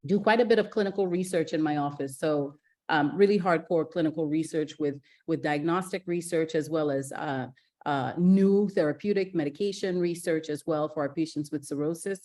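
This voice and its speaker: Chatty Ghana-born woman doctor, lowish voice. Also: normal speed. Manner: energetic, chatty, frequent fillers and restarts. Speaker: gastroenterologist presenting a masterclass. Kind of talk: live online masterclass talk.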